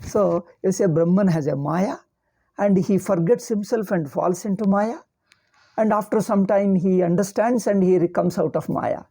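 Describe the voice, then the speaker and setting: Mellow-voiced woman teaching scripture. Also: medium pitch, moderate pace, husky. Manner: explanatory, repeats phrases, checks in with "okay?". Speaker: Vedanta teacher. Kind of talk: scripture commentary lecture.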